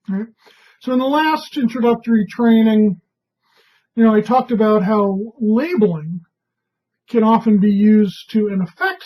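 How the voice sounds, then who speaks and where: Husky woman giving calm training talk. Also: medium pitch, poor audio. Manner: calm, conversational, often asks "right?". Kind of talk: instructional talk.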